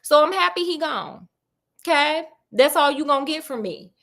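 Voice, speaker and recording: A woman's voice: on the high side, wildly swooping pitch, fairly quick, breathy edge, heavily acted. A woman voicing a brash, defiant young daughter in a casually told story, full of slang. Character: sassy fed-up young woman, a sea captain's daughter.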